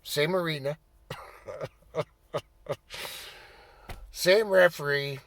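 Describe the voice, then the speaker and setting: A man telling a personal story in a casual, profane way, getting animated and raising his voice as he relives the anger. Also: fairly high pitch, extremely slow, no echo. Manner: animated, swearing, bursts into shouting when reliving anger. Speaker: storyteller recounting his playing days.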